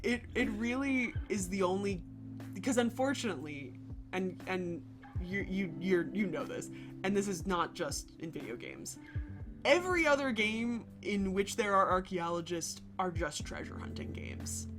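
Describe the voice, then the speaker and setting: A woman co-hosting a podcast, talking in an animated, chatty way with many fillers. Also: mid-range voice, normal speed, over music. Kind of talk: casual chat.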